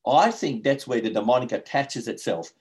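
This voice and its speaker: A man hosts a faith talk show in a mid-pitched, ordinary voice. He sounds earnest and a little preachy, and he keeps asking for agreement with tag questions. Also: animated, normal speed, a little mellow. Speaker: host.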